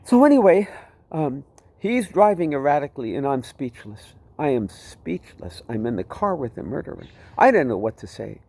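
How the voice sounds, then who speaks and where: A man's voice: fairly high pitch, sing-song, normal speed, gravelly, warm tone. A man telling his personal testimony in a vivid, dramatic way. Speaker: storyteller giving his testimony.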